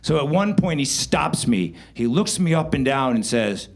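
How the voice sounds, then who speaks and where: A man telling a comic true story live on stage, wry and animated, with sudden loud outbursts. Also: mid-range voice, normal speed, vocal fry, hardly any pauses. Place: live show venue.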